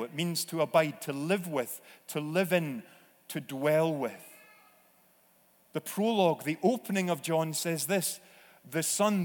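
A man preaching a sermon in a church, slow and deliberate, sometimes acting out voices. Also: fairly high pitch. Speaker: pastor. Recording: long reverb of a church hall.

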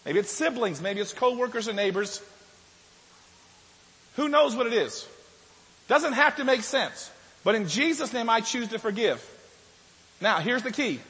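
Male pastor, high voice, conversational sermon with restarts, long hall reverb. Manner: conversational preaching, with restarts and shifts from loud to soft.

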